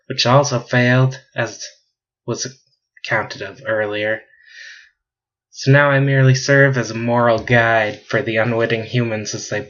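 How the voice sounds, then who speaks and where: Man, podcast storyteller, casual, chuckles, mid pitch, dull lo-fi recording. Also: fairly bright tone. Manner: casual, laughs at his own jokes. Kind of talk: reading a sci-fi story aloud.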